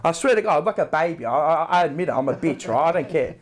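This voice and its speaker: A young man with a fairly high voice tells a story on a podcast in a casual chat. He talks in an animated way, swears freely and acts out what he and others said. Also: fast talker. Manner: animated, swearing storyteller acting out his own lines. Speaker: podcast co-host.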